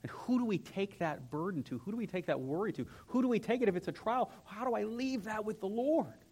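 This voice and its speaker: A young male pastor with a fairly high voice gives a lively, conversational sermon in a church. His delivery swings between quiet, reflective passages and sudden energetic peaks. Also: a little fast, breathy edge. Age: young adult. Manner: animated, conversational, acts out whiny voices. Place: church sanctuary.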